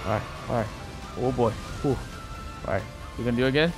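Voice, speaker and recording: A man's voice: mid-range voice, a little fast, pauses often. A man giving live gameplay commentary as a gaming YouTuber, rambling and repeating words, with frequent exclamations. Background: background music.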